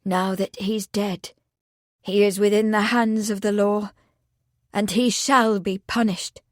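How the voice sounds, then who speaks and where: A woman's voice: mid-range voice, fairly even intonation, takes it slowly, no room sound, studio quality, close to an everyday voice. A woman voicing an anxious female companion who speaks firmly when certain. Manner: anxious, firm.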